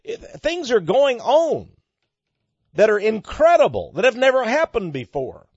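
Man, high animated voice, preaching commentary, emphatic, rhetorical questions, dry dull lo-fi sound. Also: measured pace, breathy edge, no room sound. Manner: emphatic, rhetorical questions, swinging loud and soft. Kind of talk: preaching commentary on economic news.

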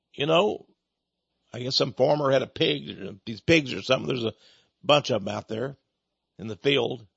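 A man's voice: medium pitch, gravelly, fairly bright tone, breathy edge, dry recording. A man preaching a storytelling sermon about his ministry, repeating and restarting words as he talks, in a dull lo-fi recording.

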